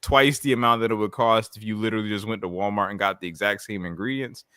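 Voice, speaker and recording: A young man co-hosting a casual podcast chat, animated and laughing often as he talks. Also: on the low side, fast talker, clear, resonant tone, no echo, clean studio sound. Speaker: podcast co-host.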